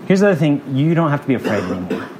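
A man's voice: fairly high pitch, sing-song, very fast, background noise. A man preaching a sermon in an earnest, conversational way, building through repeated phrases. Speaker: pastor.

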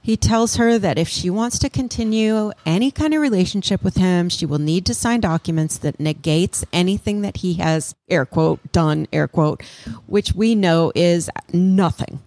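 A woman with a lowish voice chimes in with questions and comments on a true-crime case, relaxed and conversational. Her voice sounds dry and close to the mic. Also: normal speed, dry recording. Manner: reacting and asking questions, conversational. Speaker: podcast co-host. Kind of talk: casual true-crime chat.

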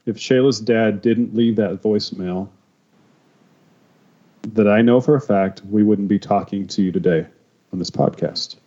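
Guy on a podcast telling his faith story, mellow low voice, kinda muffled, stumbles and restarts a lot. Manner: emotional, halting, many restarts. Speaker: podcast guest. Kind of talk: personal testimony.

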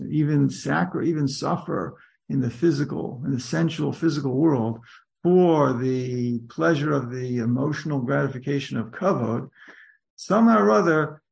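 Man, rabbi, informal class lecture, gravelly, slightly high voice, restarts and rhetorical questions. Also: a little slow. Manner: thinks aloud with many restarts and rhetorical questions. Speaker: rabbi teaching a text class. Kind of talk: informal lecture to a study group.

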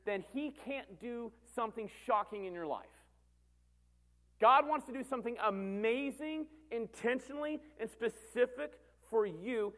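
Pastor guy in his 30s preaching, high-ish voice, repeats stuff for emphasis, goes loud then soft. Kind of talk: sermon.

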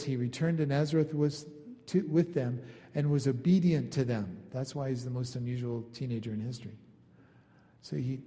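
A man delivering a sermon in a relaxed, talky manner, with a mellow, darker tone. His voice carries a long reverb from the large hall he speaks in, and he slips into little voices for the people in his story. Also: mid-range voice. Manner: conversational, acts out quoted lines. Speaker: pastor.

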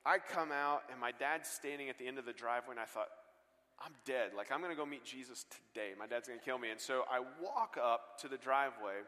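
A man preaching a sermon and telling stories with earnest swings between loud bursts and hushed lines, on a stage mic in a large church. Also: mid-range voice. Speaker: guest pastor. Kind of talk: sermon storytelling. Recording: long hall reverb.

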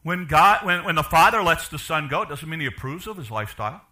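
An older man preaching a sermon, asking the congregation questions and swinging from loud to quiet. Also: fairly high pitch, quick pace. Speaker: pastor.

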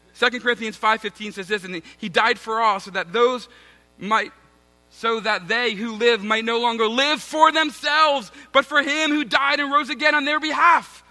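Preaching a sermon with a personal story, a pastor in his thirties pokes fun at himself and keeps turning conversationally to the congregation, calling them "guys." His voice is high, with a bright, ringing tone.

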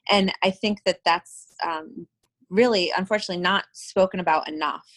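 A woman with a fairly low voice co-hosts a podcast. She makes her point in a thoughtful, earnest way. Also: moderate pace. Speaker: podcast co-host. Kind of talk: podcast interview.

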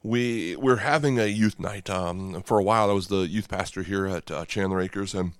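Male pastor, middle-aged, lowish voice, dry close mic; dynamic sermon delivery with sudden quiet drops and repeated phrases. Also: normal speed, clear, resonant tone, no echo. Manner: checks in with the audience with "right?" and "okay?".

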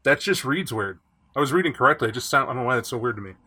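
Man hosting a chatty podcast, bright voice, lots of energy, reads from a rulebook. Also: mid-range voice, expressive, rapid-fire. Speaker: podcast host. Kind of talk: casual podcast chat.

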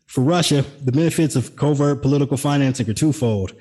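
A man co-hosting a podcast in a loose, casual way. He reads out news items and drops sarcastic jokes in between, with a voice of ordinary middle pitch. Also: fast, mellow. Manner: sarcastic, jokey asides. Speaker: podcast co-host. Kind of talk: casual political chat.

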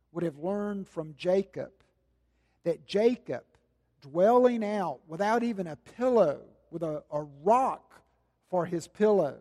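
Guy preaching real slow, big swings loud to hushed, echoing in a big hall. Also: sits high. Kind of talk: sermon. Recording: long hall reverb.

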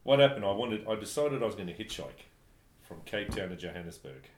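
A man from New Zealand telling travel stories in casual chat, animated and laughing often. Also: on the low side, brisk. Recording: echoey room, faint background noise.

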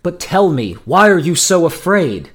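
A man's voice: sits high, big pitch swings, measured pace, a bit bright, pitched above the performer's own voice, full character voice. A man voicing a young man in love in a storybook tale, amused and teasing in an affectionate way.

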